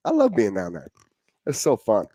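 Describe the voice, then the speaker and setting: A man's voice: medium pitch, wildly swooping pitch, moderate pace, warm tone, no room sound. A young man hosting a casual chat, telling upbeat stories in a laid-back way, on a dry close mic.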